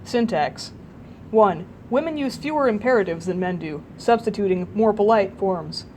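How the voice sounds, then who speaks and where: A woman reading a nonfiction audiobook aloud in a measured, steady way. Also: mid-range voice, slight background noise, low-quality recording. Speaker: audiobook reader.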